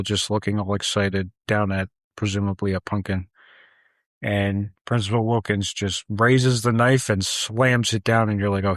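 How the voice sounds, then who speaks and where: Casting: low male voice, relaxed podcast co-host, lively recap, dry sound. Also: no room sound. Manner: animated retelling with acted-out quotes. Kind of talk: casual film recap chat.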